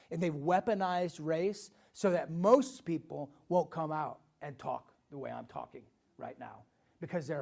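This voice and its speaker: Fired-up midwest guy at a town hall, kinda high raspy voice, keeps repeating himself. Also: a little mellow. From Illinois, USA. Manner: emphatic, repeating phrases, frequent restarts. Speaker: political speaker at a town hall. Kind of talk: impassioned town hall speech.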